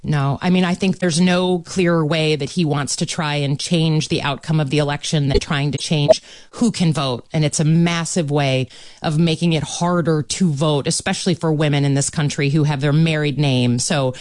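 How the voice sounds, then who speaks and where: A woman senator answering interview questions in a measured, earnest way, often pausing with ums. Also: sits low, fairly even intonation, darkish tone, dry recording. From Michigan. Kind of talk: political interview.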